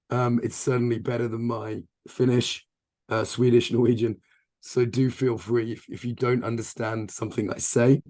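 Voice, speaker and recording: A man with a hoarse, nearly spent voice leads an online training over a video call. His delivery is informal and jokey, and he pokes fun at himself. His pitch sits in an ordinary middle range. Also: a little mellow. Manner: jokey, self-deprecating, informal.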